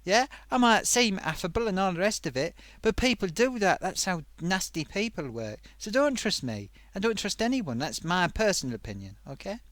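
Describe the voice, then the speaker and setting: A man's voice: high-pitched, sing-song, normal speed, hardly any pauses, fairly bright tone, dry recording. A man voicing a chatty, affable male sock puppet who hosts a live stream, rambling playfully and giving friendly advice to viewers.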